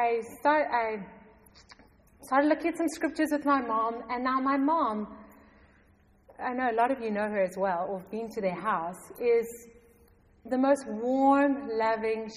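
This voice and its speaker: A middle-aged woman telling a personal faith story to a congregation, animated and often laughing. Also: fairly high pitch. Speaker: church member giving testimony. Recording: long hall reverb.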